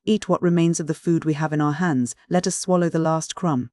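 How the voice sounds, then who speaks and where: A man voicing an older male professor in an audiobook, calm, measured and persuasive. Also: on the high side, no room sound, studio quality, lightly acted. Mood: resolute. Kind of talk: audiobook character reading.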